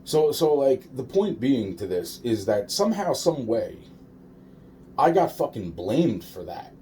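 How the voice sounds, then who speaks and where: A man's voice: mid-range voice, very animated, measured pace, warm tone, slight background noise. A man telling a rambling personal story, swearing often and restarting his sentences. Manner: profane, rambling, many restarts and repeated fillers.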